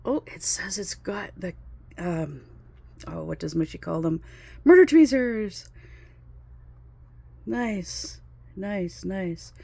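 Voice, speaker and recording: A woman chatting casually while unboxing craft kits in her trailer home, gasping and gushing with excitement over each item. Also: on the low side, slow, vocal fry, slight background noise. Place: inside her fifth-wheel trailer home.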